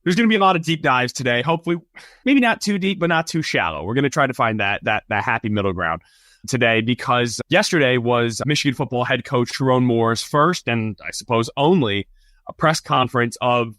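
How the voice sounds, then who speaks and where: A man hosting a sports podcast in casual chat, chatty and quick with asides and laughs. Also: mid-range voice, a bit bright, no room sound, clean studio sound. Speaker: podcast host.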